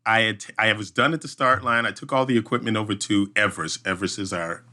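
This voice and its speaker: A man who works as an event emcee, guesting on a podcast and telling an animated story with frequent restarts and hummed sound effects. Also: on the low side, fast.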